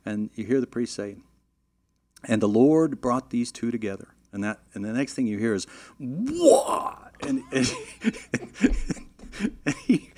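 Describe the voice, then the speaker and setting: A middle-aged man with a mid-range voice spins a long story in a relaxed, conversational way. He talks animatedly, trips over his words at times and leans on "you know" as he goes. His delivery is informal and expressive. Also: mid-range voice. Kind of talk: casual anecdote telling.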